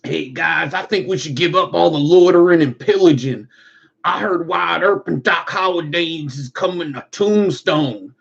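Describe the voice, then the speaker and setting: A timid outlaw cowboy schemes in a whiny, raised voice, as a man puts him on. The gravel of the voice comes through a dull, lo-fi recording. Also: a little high, measured pace, a bit bright, pitched above the performer's own voice. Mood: scheming. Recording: lo-fi muffled recording.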